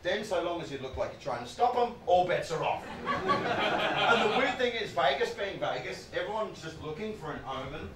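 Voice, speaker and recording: Brief: man doing stand-up storytelling, fairly high voice, noisy distant room recording. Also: normal speed, reverberant. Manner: animated, punchy delivery with sudden loud outbursts. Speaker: comedian.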